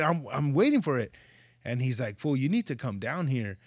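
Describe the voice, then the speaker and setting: A man's voice: medium pitch, sing-song, brisk, dry recording, studio quality. A man hosting a podcast, casually telling profane stories and acting out the dialogue. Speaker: podcast host. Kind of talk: casual chat.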